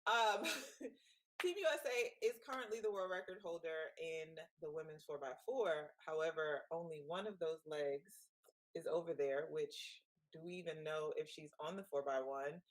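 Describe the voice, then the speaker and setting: A woman's voice: sits low, moderate pace. Playful gossipy woman co-host. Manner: gossipy, playful, laughs often. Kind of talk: casual sports chat.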